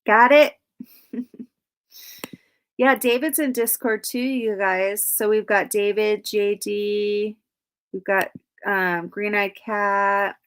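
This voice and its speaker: A woman's voice: mid-range voice, fairly even intonation, takes it slowly, long pauses, fairly bright tone, clear, resonant tone. Chatty, cussing woman hosting a livestream. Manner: chatty, profane, reads out viewer comments. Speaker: livestream host. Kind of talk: casual livestream chat.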